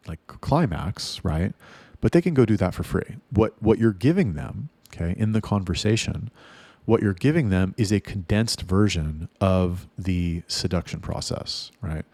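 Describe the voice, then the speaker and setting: A man's voice: deep voice, expressive, normal speed, a little mellow, no echo. A man coaching his sales staff in a casual monologue, blunt and profane, rambling with restarts. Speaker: sales trainer for chat staff.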